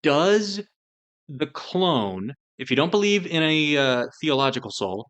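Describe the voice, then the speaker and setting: A man's voice: a little high, very animated, measured pace, fairly bright tone. A man co-hosting a casual podcast discussion, rambling and filling his talk with "like" and "you know". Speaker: podcast co-host.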